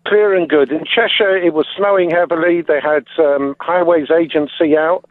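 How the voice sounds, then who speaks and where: A man's voice: fairly high pitch, fairly even intonation, normal speed, no echo. A man calling in to a radio show, blunt and hesitant, with many ums. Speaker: caller. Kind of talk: phone-in call. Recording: tinny phone line.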